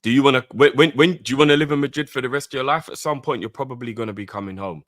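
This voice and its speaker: A man's voice: medium pitch, racing, fairly bright tone, no echo, clean studio sound. A man co-hosting a fan talk show, arguing heatedly and repeating his points insistently. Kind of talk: heated debate, arguing the club's side.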